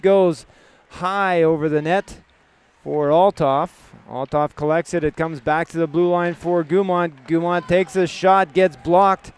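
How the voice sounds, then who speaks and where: A Canadian man calling youth hockey play-by-play in quick clipped phrases. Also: high-pitched, smooth. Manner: rapid clipped puck-by-puck calls. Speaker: play-by-play commentator.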